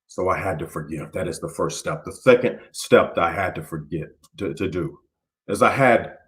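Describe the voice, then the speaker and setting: A man from Houston, Texas, delivers a motivational keynote with a fairly low voice. He stacks repeated phrases into rising build-ups, drops almost to a murmur, then pushes hard for emphasis. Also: moderate pace. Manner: preacher-like build-ups, repeating phrases and swinging from soft to forceful. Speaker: motivational speaker.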